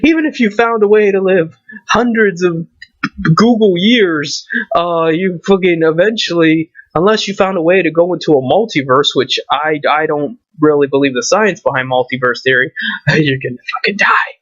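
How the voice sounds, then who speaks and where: A man's voice: a little high, moderate pace, a bit bright, no echo. A man ranting and swearing to camera, firing off rhetorical questions. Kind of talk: profane rant to camera. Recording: dull lo-fi recording.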